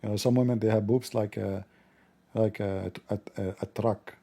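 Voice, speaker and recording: Gravelly, dark-voiced mocking man. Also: fairly low pitch, fairly even intonation, moderate pace. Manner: sarcastic, mocking, acts out dialogues. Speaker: livestream host. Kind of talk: mocking comedic monologue.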